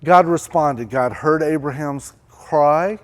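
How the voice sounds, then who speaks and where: During a church sermon, a male pastor acts out desperate pleas that climb in intensity before sinking to a low, quiet tone. He speaks slowly.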